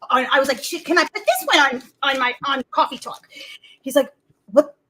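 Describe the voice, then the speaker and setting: A woman's voice: high-pitched, brisk, fairly bright tone, slight background noise. A woman telling rambling, foul-mouthed stories in a casual comedic chat and acting out what others said.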